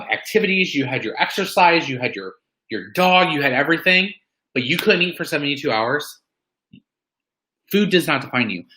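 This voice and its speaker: In poor audio, a man with a medium-pitched, bright and forceful voice rallies his online weight-loss community during a live meeting. He talks casually and with fire, slipping into sermon-like bursts and filling gaps with "like" and "um."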